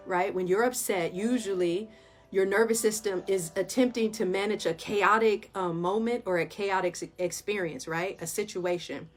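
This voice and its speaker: A woman therapist and yoga teacher talks listeners through a mindfulness exercise in a relaxed, chatty way. She calls everyone "y'all" and laughs easily as she goes. Soft music plays faintly in the background. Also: medium pitch. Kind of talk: casual guided mindfulness talk.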